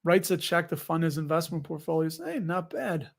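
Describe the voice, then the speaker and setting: Chatty high-voiced man hosting a livestream. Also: moderate pace, creaky. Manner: chatty, jokey, rambling. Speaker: host. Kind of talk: casual livestream chat with viewers.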